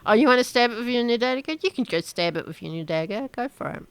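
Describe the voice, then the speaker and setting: A woman narrating as game master of an online tabletop game, laughing often between quick rulings. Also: fairly high pitch, animated, clean tone.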